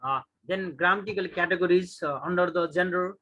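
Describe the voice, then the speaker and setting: A man with an Indian English accent, a teacher reading through a course syllabus, listing topics one by one with frequent pauses. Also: sits high, bright, forceful tone, highs cut off. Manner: reads lists item by item with many "uh" pauses.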